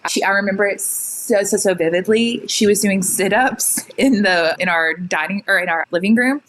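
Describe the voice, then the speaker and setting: A young woman telling her own story in casual chat, full of "like" fillers and quick retellings. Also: mid-range voice, fairly bright tone, rough recording. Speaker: guest sharing her story.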